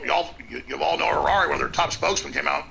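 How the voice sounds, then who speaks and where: A man's voice: a little high, steady tone, creaky, pushed and bright, a little hiss or hum. A male talk show host ranting emphatically in commentary. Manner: emphatic, rapid, conspiratorial.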